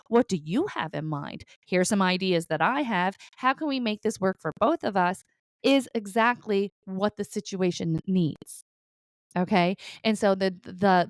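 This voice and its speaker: A woman's voice: mid-range voice, clear, resonant tone, no echo. A middle-aged woman, a psychic medium, talking viewers through weekly guidance in a reassuring, chatty way, often checking in with "okay?" and "right?". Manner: laughs lightly between points. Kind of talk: casual spiritual guidance talk to viewers.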